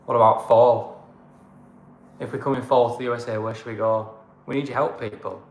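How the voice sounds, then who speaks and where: A blunt northern English man rants his way through a casual livestream chat at a mid-range pitch. He moans freely and says things as they are. His voice bounces around a roomy space with a light hum of background noise. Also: fairly even intonation, brisk. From northern England. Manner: blunt, ranting, fond of moaning. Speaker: co-host of a travel channel.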